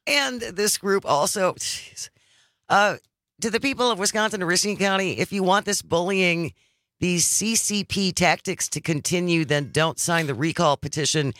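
A man hosting a radio talk show, lively and conversational, reading teasers for upcoming segments. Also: high voice, normal speed, no echo.

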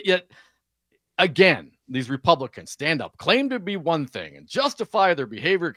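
A man co-hosts talk radio with indignant energy, stumbling over repeated words. His pitch leaps widely as he gets worked up. The sound is dry and close. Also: sing-song, moderate pace, a bit bright, no echo. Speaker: radio talk show co-host. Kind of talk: opinionated talk radio banter. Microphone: studio microphone.

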